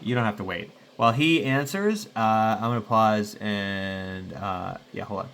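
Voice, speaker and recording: A man's voice: on the low side, unhurried, fairly bright tone, a little hiss or hum. A man casually playing a solo tabletop game, rambling and thinking aloud to himself. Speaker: solo game player and host.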